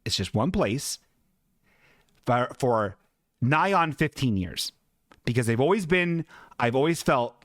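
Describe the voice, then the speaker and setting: A man in a comedy podcast rambles through a profanity-laced story at his own expense. His pitch leaps high and drops low with lively swings. The sound is dry and close. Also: measured pace, long pauses, no echo. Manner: rambling, profane and self-mocking. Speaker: podcast host.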